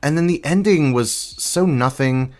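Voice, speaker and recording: A man's voice: mid-range voice, measured pace. Chatty man on a casual live stream. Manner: chatty, rambling, answers chat while building. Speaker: livestream host building sets.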